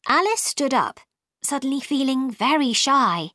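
A woman reading a storybook aloud in a clear, expressive manner. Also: fairly high pitch, measured pace, dry recording, studio quality.

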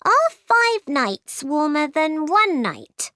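A woman's voice: high-pitched, big pitch swings, takes it slowly, bright, forceful tone, no echo, clean studio sound, voice pushed up, heavily acted. A woman voicing a curious, polite young girl in a storybook, asking earnest, puzzled questions.

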